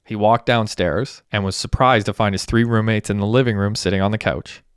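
A man reading a novel aloud in an even, steady storytelling manner. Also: on the low side, a little fast, clear, resonant tone, no echo, clean studio sound. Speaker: audiobook narrator. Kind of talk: scripted narration.

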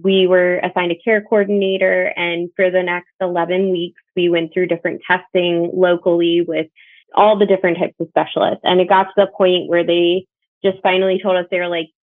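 A woman's voice: fairly low pitch, little pitch movement, a little fast, no echo. A young woman from Northern Virginia sharing her story as a bereaved mother, in an earnest, reflective, conversational way. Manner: earnest, reflective, quotes others in dialogue. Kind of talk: personal testimony, conversational storytelling. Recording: tinny phone-like line, dry.

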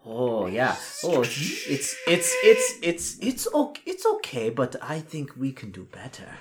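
A creepy back-alley surgeon murmurs low and slow as he sizes up his patient, played by a man running the table. He sounds quietly sinister. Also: wildly swooping pitch, crowd noise. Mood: oily.

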